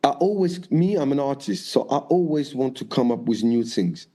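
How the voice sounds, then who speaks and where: Mellow-voiced man telling lively stories. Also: medium pitch, normal speed. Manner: lively storyteller, acts out quoted voices, swears freely. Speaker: guest dancer and choreographer. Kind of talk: storytelling interview.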